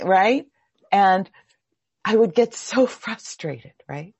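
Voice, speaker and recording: An older woman leads a meditation class in a soft, husky voice that has some breath in it. She tells stories in a chatty way, laughing and restarting her sentences. The sound is dry and close to the mic. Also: mid-range voice, lively intonation, slow, pauses often, no room sound. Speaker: meditation teacher. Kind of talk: workshop talk with personal stories.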